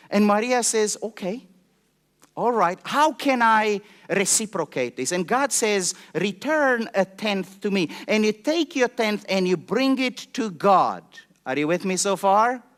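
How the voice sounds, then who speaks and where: A male pastor preaching a sermon to a congregation, passionate and animated, often asking the listeners questions. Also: high-pitched.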